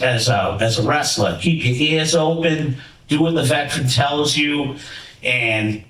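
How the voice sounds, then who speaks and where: A man giving a rambling, animated storytelling speech at a ceremony in a lodge hall. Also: on the high side. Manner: rambling, animated, many restarts. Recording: roomy hall from far off.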